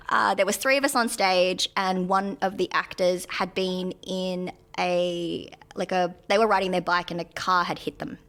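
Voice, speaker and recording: A woman's voice: fairly low pitch, steady tone, measured pace, a bit bright. A woman, an actor guesting on a podcast, telling stories with dry comebacks. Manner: laughing, dry, wry comebacks. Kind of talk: casual chat.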